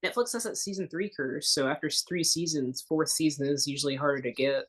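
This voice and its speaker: A chatty podcast co-host talks through thoughts out loud at a medium pitch. The delivery is loose and conversational. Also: a little fast, husky. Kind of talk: casual podcast chat.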